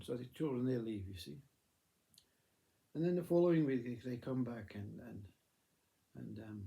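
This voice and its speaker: A man telling a spiritual parable in a measured, gently emphatic way, often repeating words. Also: medium pitch, vocal fry. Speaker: storyteller. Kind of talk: spoken parable.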